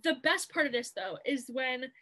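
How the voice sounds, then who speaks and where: Animated woman recapping a movie. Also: high-pitched, normal speed. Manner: animated, quotes scenes in playful voices. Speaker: podcast co-host. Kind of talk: casual chat recapping a TV movie.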